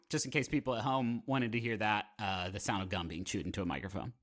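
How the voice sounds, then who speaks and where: A man's voice: fairly low pitch, fairly even intonation, quick pace, hardly any pauses, a bit bright. A man playing a tabletop game, joking and theatrical in and out of character. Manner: jokey and theatrical. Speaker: player.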